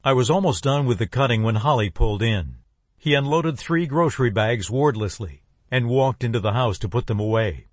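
A man narrating an audiobook in a steady, even way. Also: medium pitch, moderate pace, dry recording.

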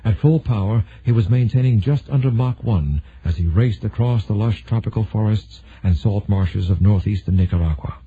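A husky-voiced man narrates a thriller audiobook in a steady, measured way. The sound is thin and narrow, like it is coming through a phone line. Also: lowish voice.

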